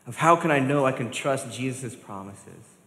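A man's voice: mid-range voice, expressive, normal speed, gravelly, bright, forceful tone. A male pastor preaching a sermon, emphatic and building through repetition, speaking straight to his congregation. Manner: addresses the congregation directly. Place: church worship hall. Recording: reverberant hall with faint noise.

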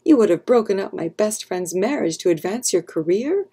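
A woman's voice: medium pitch, animated, normal speed, mellow, husky. A woman voicing an earnest, outspoken young maid in a children's storybook reading, speaking with emphasis. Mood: upset. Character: loyal young adult maid and wife, outspoken.

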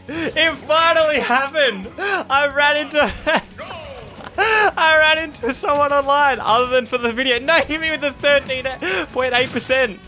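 A young man giving excitable live gameplay commentary, laughing often and shouting at big moments. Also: high voice. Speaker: gaming YouTuber.

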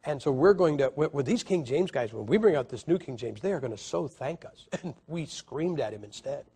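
A man preaching a sermon, telling a story with many halting restarts and swings from loud to quiet. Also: on the high side, animated, slightly rough. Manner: halting, repeats words and restarts. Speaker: evangelist preacher.

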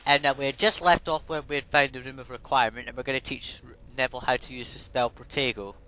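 A man's voice: medium pitch, fairly even intonation, fast, bright, forceful tone, rough recording. A man casually rambling through game commentary, offhand and prone to swearing. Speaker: gaming let's play host. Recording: voice over game music.

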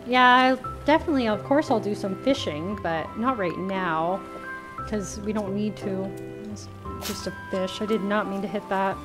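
A woman's voice: mid-range voice, moderate pace. Giggly woman gaming streamer. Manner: giggly, chatty, animated reactions. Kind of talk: casual game commentary. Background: game music.

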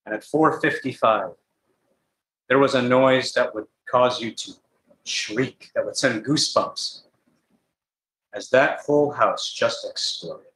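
A man preaching a gospel sermon in a tent meeting, telling a story dramatically with sudden swings from loud to hushed. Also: medium pitch, slow, long pauses, roomy sound, poor audio.

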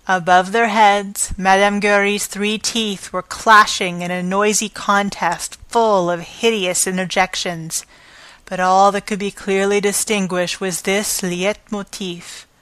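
A woman reads a classic novel aloud as an audiobook narrator, taking her time over every phrase. Her pitch sits in an ordinary middle range, and the recording is close and dry with no room sound. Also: fairly even intonation, takes it slowly, fairly bright tone, dry recording.

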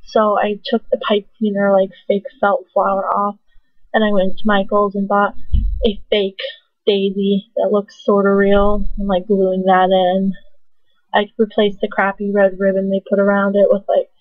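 A woman's voice: mid-range voice, completely flat delivery, normal speed, no room sound. Chatty young woman on a tinny mic. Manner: chatty, filler-heavy, giggly and self-mocking. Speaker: vlogger. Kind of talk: casual rambling vlog. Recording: dry, tinny phone-like sound.

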